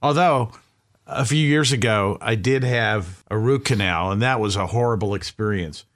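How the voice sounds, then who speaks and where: A man co-hosting a casual chat show, chatty and quick to laugh. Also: lowish voice, fairly bright tone. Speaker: podcast co-host.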